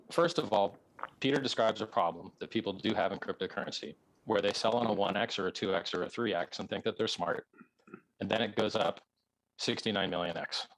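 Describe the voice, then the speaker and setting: An emphatic man arguing in a live-streamed debate, hammering his points with repetition. His voice is low, and the close mic sounds dry with no room around it. It clips when he gets loud. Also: no room sound, low-quality recording. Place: outdoors.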